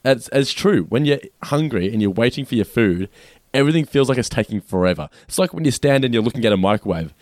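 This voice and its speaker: A man's voice: mid-range voice, lively intonation, fast talker, darkish tone, no echo. A man, a podcast co-host casually recapping a sitcom, laughing often and stammering into his points.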